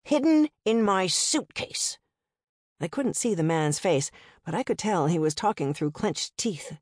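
A woman giving a measured, first-person audiobook narration. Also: low-pitched, expressive, a little mellow, husky, no echo, clean studio sound.

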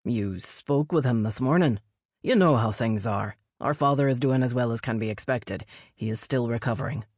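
A woman's voice: extremely low pitch, normal speed, a little mellow, dry recording, studio quality. A woman voicing a blunt, mocking young male elf prince who trades insults. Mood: plain.

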